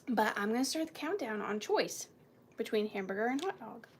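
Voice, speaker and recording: Chatty lady running a live antiques sale, high voice bouncing all over, bit of faint hiss. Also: very animated, fairly quick. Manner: chatty, playful, talks to viewers by name. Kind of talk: live auction selling chat.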